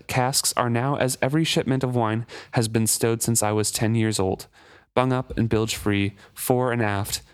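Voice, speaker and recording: A man reading aloud the lines of a proud young woman sailor who answers softly and calmly. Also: on the low side, clean tone, natural voice. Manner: soft, calm, firm.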